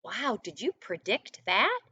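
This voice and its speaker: A woman teacher reading a picture book aloud to first graders in an online lesson, gently asking the children questions. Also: mid-range voice, huge pitch swings, takes it slowly, lo-fi sound, slight background noise.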